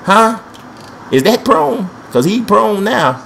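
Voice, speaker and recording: A man's voice: sits high, sing-song, takes it slowly, creaky, a bit bright, a little hiss or hum. A young man giving panicky, trash-talking commentary while playing a wrestling video game, with speech. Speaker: gameplay commentator. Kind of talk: excited let's-play commentary.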